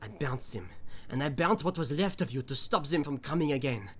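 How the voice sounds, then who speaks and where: A man's voice: on the high side, animated, fairly quick, husky. A man reading a note aloud as a frightened, grieving soldier, in a put-on French accent and a mournful, dramatic manner. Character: grieving, frightened soldier writing to a dead comrade.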